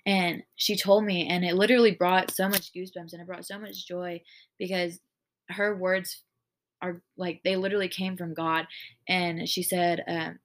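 A woman's voice: on the low side, little pitch movement, normal speed, slight background noise. Earnest woman rambling about faith. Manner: earnest, rambling, heavy use of "like". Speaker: podcast host. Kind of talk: casual faith podcast monologue.

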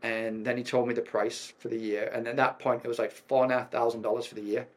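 A man's voice: mid-range voice, little pitch movement, quick pace. Frank English man telling his story. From England. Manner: frank, with frequent ums and restarts. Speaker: podcast guest, performance coach. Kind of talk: candid personal storytelling.

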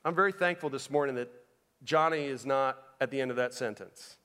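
A man preaching a sermon as pastor, moving between loud emphatic lines and soft, low passages. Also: fairly quick, clear, resonant tone. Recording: long reverb of a large hall.

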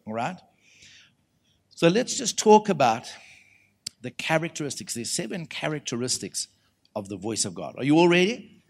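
A man with a South African accent preaching a conference sermon, chatty and lively, dropping to a hush and then rising loud as he calls out to the audience. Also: mid-range voice. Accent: South African English. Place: conference hall before an audience.

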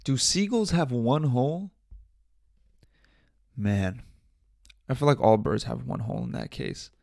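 A man with a medium-pitched, gravelly, somewhat dark voice hosts a solo podcast, very animated and a little slow. He rambles and jokes casually, swears often, and talks to himself. The recording is dry and studio quality.

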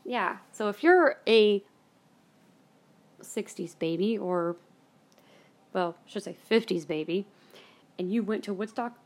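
Blunt, chatty woman telling a story. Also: medium pitch. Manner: chatty and blunt, swears freely; rambling, with many fillers and self-corrections. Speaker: podcast host. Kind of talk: casual storytelling monologue.

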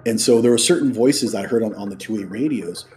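Man, podcast host, dark mellow tone, chatty storyteller. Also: on the low side, soft background music. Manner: chatty storyteller, drops into quick impressions. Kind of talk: casual podcast chat.

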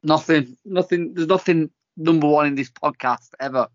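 A man's voice: a little high, moderate pace, no echo, highs cut off. A man hosting a podcast, talking in a hesitant, good-humored way with many fillers. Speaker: podcast host. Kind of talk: casual podcast chat.

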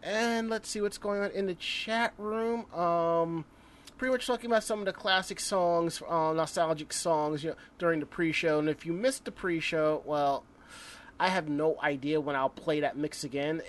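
A man's voice: on the high side, steady tone, normal speed. A man hosting a casual podcast, chatting in a rambling way with friendly asides. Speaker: podcast host. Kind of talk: casual chat.

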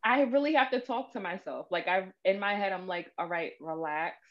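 A woman's voice: medium pitch, animated, fairly quick. A woman in casual chat, talking in a reflective way and laughing easily. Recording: dull, lo-fi sound.

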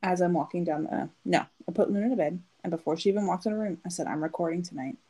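A woman's voice: fairly low pitch, quick pace, warm tone, rough recording. A woman in her thirties, a podcast co-host telling a long story in casual chat and acting out the quotes. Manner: chatty storytelling, acts out quotes.

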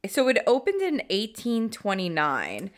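A woman's voice: mid-range voice, huge pitch swings, a little slow. Upbeat young woman leading a podcast chat. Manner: upbeat, guides the conversation, reads facts aloud. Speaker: podcast co-host. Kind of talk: casual chat.

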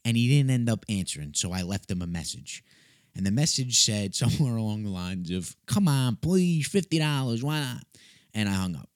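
Deep-voiced young man telling a story. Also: dry recording, studio quality. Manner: animated, swearing, self-mocking. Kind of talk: casual comic storytelling.

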